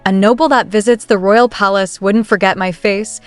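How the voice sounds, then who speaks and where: A woman's voice: mid-range voice, steady tone, normal speed, no echo, soft background music, close to an everyday voice. Haughty crown prince, read by a woman, proud and cold.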